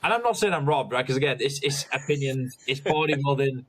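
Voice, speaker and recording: A man, a podcast guest talking casually and haltingly about his bodybuilding result, with many restarts. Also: mid-range voice, expressive, a bit bright.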